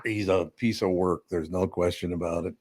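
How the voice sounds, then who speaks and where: A man's voice: deep voice, steady tone, moderate pace, darkish tone, dry recording. Older man hosting a radio show, blunt and laughing. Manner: laughs often, gruff and blunt. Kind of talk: casual studio banter. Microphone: studio microphone.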